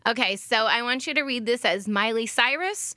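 A woman co-hosting a casual comedy chat, effusive, quick to laugh and swear. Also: on the high side, pushed and bright, dry recording, clean studio sound. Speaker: podcast co-host.

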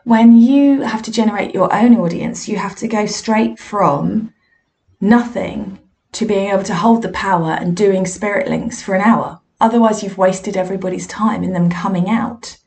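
A woman's voice: mid-range voice, normal speed, darkish tone. Candid woman telling stories. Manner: candid, self-deprecating, conversational. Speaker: podcast host and medium. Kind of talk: personal storytelling monologue.

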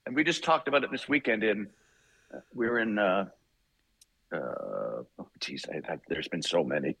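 An older man spins a long anecdote with lots of laughter and little acted-out voices. His voice is husky and fairly low, recorded close and dry. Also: normal speed, long pauses, dry recording, low-quality recording. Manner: lively, laughing, acts out quotes. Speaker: guest voice actor. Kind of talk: casual anecdotal storytelling.

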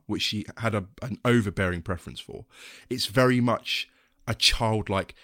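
A man with a lowish voice talks casually as a podcast co-host, pausing often with ums and false starts. His voice sounds close and dry, with no room around it. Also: bright, forceful tone, no echo. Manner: hesitant, full of ums and restarts. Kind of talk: casual chat.

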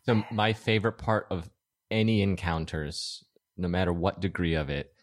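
A man with a low voice on a casual podcast, explaining his habits slowly and with pauses. He sounds calm and plain, a guest voice among the hosts. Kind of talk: casual chat.

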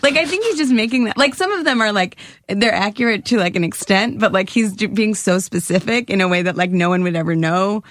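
A woman chatting in a playful, animated way, a comic performer who slips into joke voices. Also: medium pitch, brisk, dry recording. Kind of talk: casual chat.

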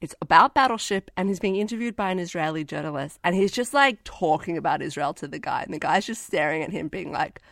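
A woman co-hosting a movie podcast in loose, animated chat, full of swearing and acted-out quotes. Her voice is recorded close and dry, with no room sound around it. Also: fairly low pitch, fast, gravelly, hardly any pauses, no echo. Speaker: podcast co-host. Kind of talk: casual movie-review chat.

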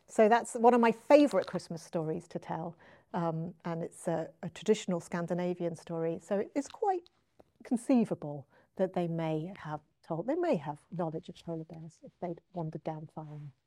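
A woman storyteller telling a folk tale aloud, expressive with hushed asides. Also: on the low side, moderate pace. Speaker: storyteller guest. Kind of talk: oral storytelling.

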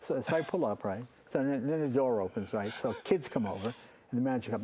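Animated older man spinning anecdotes. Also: medium pitch, quick pace, slight background noise. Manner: animated, acts out voices in his stories. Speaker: talk show host, guest. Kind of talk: storytelling anecdotes. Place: large car garage.

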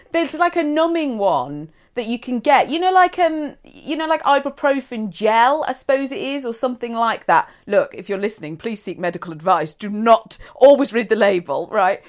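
A woman's voice: fairly high pitch, animated. A woman co-hosting a podcast, chatty and affectionate in casual conversation. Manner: affectionate, chatty, quick reactions and asides. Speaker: podcast co-host. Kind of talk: casual chat, storytelling.

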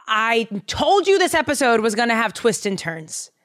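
A young woman hosting a casual Bible storytelling chat in a chatty, slangy, animated way. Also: on the high side, normal speed. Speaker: podcast host.

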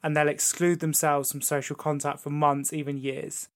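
A man's voice: a little high, moderate pace. A man co-hosting a podcast in casual chat, telling his pick with crude swearing. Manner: crude, swearing, animated storytelling. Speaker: podcast co-host.

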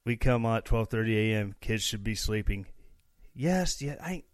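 A man's voice: lowish voice, lively intonation, normal speed, dry recording, studio quality. A young man from Missouri hosting a casual solo podcast, rambling and joking with sarcastic asides. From Missouri, USA. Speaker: podcast host.

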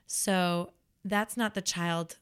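A woman's voice: lowish voice, fairly even intonation, slow, smooth. Woman nanny telling stories casually. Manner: storytelling, acts out quoted voices. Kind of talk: casual chat.

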